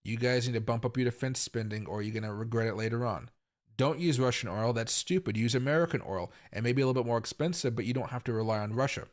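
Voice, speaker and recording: A young adult man from the US Pacific Northwest hosts a casual live commentary stream. He rambles and repeats himself, packs his talk with fillers, and now and then breaks into a sudden loud outburst. His voice sits at an ordinary, middle pitch for a man. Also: quick pace. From Tacoma, Washington, US. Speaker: crypto market livestream host.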